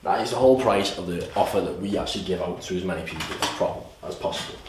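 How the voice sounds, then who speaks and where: A man giving an energetic, salesy course pitch at a whiteboard, often repeating himself. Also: fast. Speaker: course presenter. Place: room with a whiteboard. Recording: echoey room, distant mic, faint hiss.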